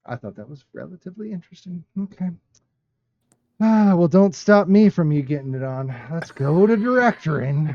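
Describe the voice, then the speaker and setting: Playful lively man hosting a panel. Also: a little high, normal speed. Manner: playful, laughs often, breaks into silly voices. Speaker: podcast host. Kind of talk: casual panel chat with movie trivia. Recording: dull lo-fi stream audio.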